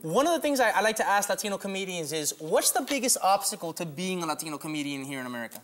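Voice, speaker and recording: Rapid, chatty male talk show host. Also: high-pitched, very animated, a bit bright. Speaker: comedian host.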